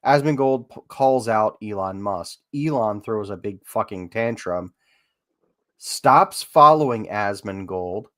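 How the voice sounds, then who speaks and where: A man in casual chat, reading out news headlines and talking in a hesitant, halting way with many fillers. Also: lowish voice, lively intonation, pushed and bright, no room sound, clean studio sound.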